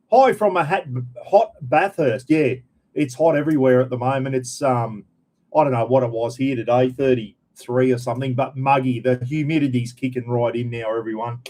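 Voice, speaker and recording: A man's voice: medium pitch, a little mellow. A middle-aged Australian man hosting a casual live chat, rambling and friendly, calling everyone mate as he greets viewers. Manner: rambling, chatty, frequent "bloody" and "mate". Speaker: livestream host.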